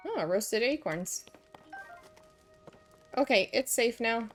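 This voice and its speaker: A woman's voice: fairly high pitch, lively intonation, slow. A woman streaming a video game, chatting to herself and her viewers and reading the game's lines aloud. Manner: chatty, muses aloud, reads game text. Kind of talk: casual gameplay chat. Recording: faint game music behind.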